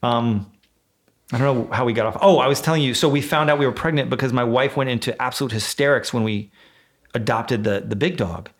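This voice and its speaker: A man, telling stories in a loose, swearing, animated way and acting out voices as a podcast guest. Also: medium pitch, a little fast. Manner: animated, swearing storyteller who acts out voices in quotes. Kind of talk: casual podcast chat.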